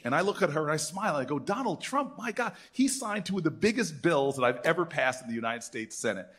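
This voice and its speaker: A man in his fifties, a senator, telling animated stories at an alumni event and acting out the people he quotes. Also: fairly high pitch, fast, slightly rough. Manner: animated storyteller who acts out quoted voices. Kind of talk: storytelling speech.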